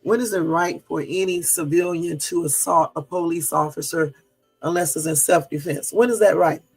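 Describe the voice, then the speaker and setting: Gravelly man hosting an indignant livestream. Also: a little high, normal speed, faint music behind. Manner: indignant, rambling with many fillers; chats with and answers live viewers. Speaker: livestream host. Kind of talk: casual livestream commentary.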